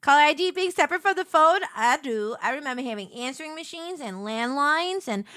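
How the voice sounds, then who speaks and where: A woman streamer chatting casually while playing a game, telling stories in an animated way. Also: high-pitched, brisk, no echo, studio quality. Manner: animated storytelling with laughs. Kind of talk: casual chat while gaming.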